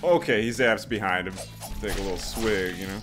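A man's voice: on the low side, a little fast. A man joking and laughing through co-op gaming commentary, with music behind. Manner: jokey, laughs often. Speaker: co-op gamer. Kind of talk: let's play commentary. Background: background music.

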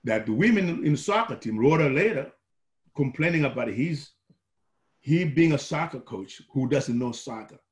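An older man from Malawi, telling his coaching history in an oral history interview, animated and acting out the dialogue he recalls. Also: medium pitch, normal speed. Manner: animated, acts out quoted dialogue.

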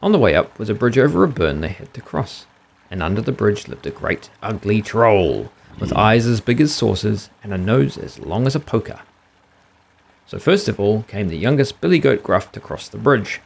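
A man's voice: lowish voice, big pitch swings, moderate pace, vocal fry, breathy edge. A middle-aged man, reading a fairy tale aloud as a podcast host. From New Zealand. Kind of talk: bedtime-style story reading.

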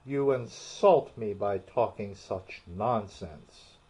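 A man voicing a touchy, stern little male mouse in a storybook audiobook, with a sharp, severe delivery. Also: on the low side, slow, husky. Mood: indignant. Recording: muffled, dull audio.

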